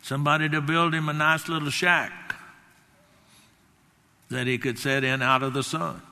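A man's voice: fairly high pitch, flat delivery, moderate pace, gravelly, sharp tone, big-room sound, slight background noise. An older man preaching a sermon, speaking emphatically, acting out quotes and wandering into personal stories. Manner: emphatic, acts out quotes, rambling anecdotes.

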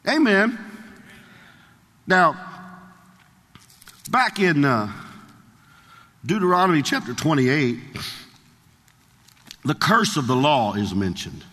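A man's voice: on the high side, sing-song, slow, long pauses, sharp tone. Give me a male preacher reading a story from the pulpit, earnest and emphatic, with long hall echo. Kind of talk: sermon, reading a story aloud.

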